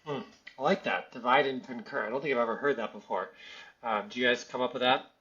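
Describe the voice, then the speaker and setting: A male podcast host asking casual, rambling questions and reacting with quick approval. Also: mid-range voice, sharp tone. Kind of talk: conversational interview. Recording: dull lo-fi audio.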